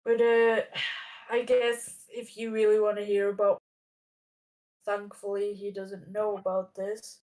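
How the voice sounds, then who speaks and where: A woman's voice: medium pitch, little pitch movement, takes it slowly, a little mellow, distant mic, rough recording. A woman in her thirties telling a long story in casual chat, rambling with lots of fillers and restarts. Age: 30s. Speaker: podcast guest.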